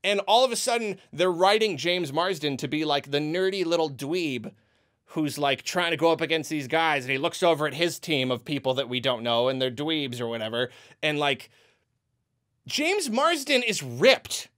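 This is an exasperated movie rant from a man speaking at a moderate pace, full of stumbling restarts and acted-out quoted reactions. His pitch varies widely, and the whole thing remains lively and loose.

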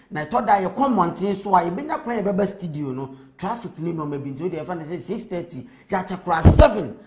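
Earnest Ghanaian host in an echoey room. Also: male voice, high-pitched. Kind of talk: talk-show monologue.

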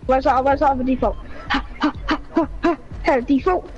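A woman playing a video game, chatting and taunting loudly and excitedly as she plays. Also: high-pitched, fairly quick, dull audio. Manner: loud excitable shouting and taunting while playing. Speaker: gamer. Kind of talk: excited live gaming chatter.

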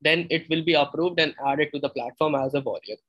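A man's voice: fairly high pitch, brisk, fairly bright tone, rough recording. A man in his twenties with an Indian accent, explaining his startup hesitantly with many fillers on a video call. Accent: Indian English. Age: 20s. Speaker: startup founder presenting. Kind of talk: casual video call pitch.

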